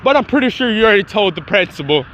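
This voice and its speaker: Brief: man doing a young antihero, offhand and sly, bright higher voice, rambling. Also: lively intonation, very fast, slight background noise. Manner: casual, rambling, slyly threatening. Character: secretive young male antihero in a hologram message.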